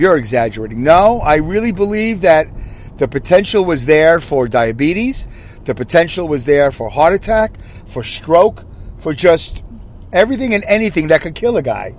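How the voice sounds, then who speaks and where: A man in his sixties hosts a casual solo podcast from his car, rambling, correcting himself and putting questions to his listeners. His voice is a little high, with a slight hiss or hum in the recording.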